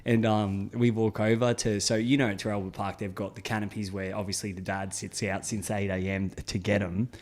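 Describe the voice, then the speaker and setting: A man's voice: on the low side, little pitch movement, brisk, hardly any pauses, darkish tone. A man in his thirties, co-hosting a podcast and telling a rambling, profane story while laughing through it. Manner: swears freely, laughs through his stories. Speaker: podcast co-host. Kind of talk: casual chat, storytelling.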